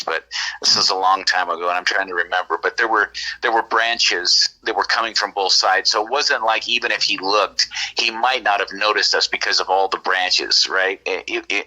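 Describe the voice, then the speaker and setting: A man's voice: sits low, pushed and bright, poor audio. A man from California telling a long story in a casual, rambling way, full of restarts and "right?" checks. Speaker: podcast guest.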